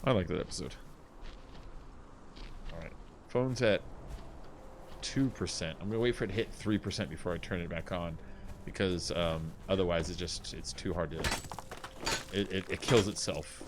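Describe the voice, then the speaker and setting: A man's voice: low voice, moderate pace, pauses often, slight background noise. A man streaming from home, chatting casually in a rambling way, often laughing and mimicking voices. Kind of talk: casual chat. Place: small room at home.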